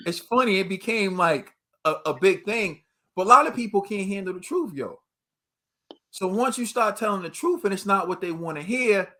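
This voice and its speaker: High, bright-voiced American man ranting. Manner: emphatic, slangy, addresses viewers directly. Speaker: boxing show host. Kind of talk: animated commentary rant.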